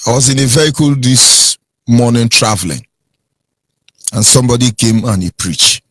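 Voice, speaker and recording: A man with a Nigerian accent anchoring a radio talk show, preachy and emphatic, swinging from low and grave to high and heated. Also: normal speed, fairly bright tone, husky, no room sound.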